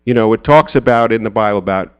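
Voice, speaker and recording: A middle-aged man telling a personal story as a speaker at a men's church gathering. He is an animated storyteller who acts out friends' lines in a high, excited voice. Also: fast talker, clear, resonant tone, muffled recording. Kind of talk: storytelling sermon.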